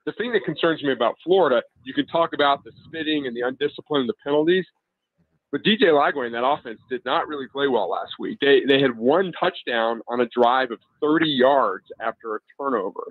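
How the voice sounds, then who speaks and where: A man's voice: mid-range voice, brisk, dry recording. Man analyzing football over a tinny phone line. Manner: analytical, stammers and restarts at times. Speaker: college football editor and radio guest. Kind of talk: sports radio analysis.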